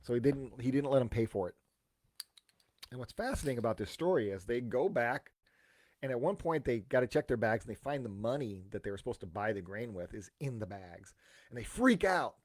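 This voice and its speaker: A man's voice: medium pitch, animated, fairly quick, no room sound. A man, a pastor, casually retelling a Bible story with chatty asides and questions to listeners.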